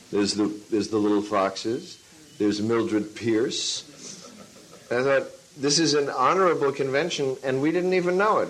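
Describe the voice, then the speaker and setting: A man, a film and stage director, answering an interview question as a lively storyteller who acts out his own past lines. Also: medium pitch, unhurried, a little hiss or hum, poor audio. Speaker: teacher of a class.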